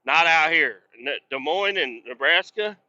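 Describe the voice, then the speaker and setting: Blunt, foul-mouthed man with a sharp, forceful voice, ranting from a truck cab, muffled lo-fi sound. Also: fairly high pitch, expressive, measured pace, dry recording. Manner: profane, blunt, exasperated ranting. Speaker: podcast host and truck driver. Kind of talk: rambling casual storytelling. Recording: dull lo-fi sound.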